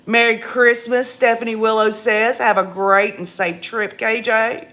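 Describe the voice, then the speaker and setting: An older woman with a raspy voice and a drawl hosts a laid-back live stream, reading out viewer comments. She talks at an unhurried, easygoing pace in a folksy, chatty manner. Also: fairly high pitch, steady tone, a bit bright. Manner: slow, folksy and chatty, laughing often.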